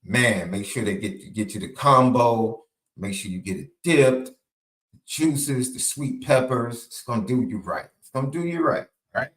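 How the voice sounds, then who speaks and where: A man from Chicago co-hosting a casual sports podcast, talking in an animated, folksy way. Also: medium pitch, measured pace, roomy sound. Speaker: co-host.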